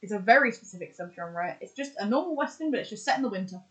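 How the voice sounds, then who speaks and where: A woman's voice: medium pitch, lively intonation, quick pace, poor audio. Woman, casual podcast chat, chatty, lots of fillers and restarts. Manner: chatty, lists examples with many fillers and restarts. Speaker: podcast co-host.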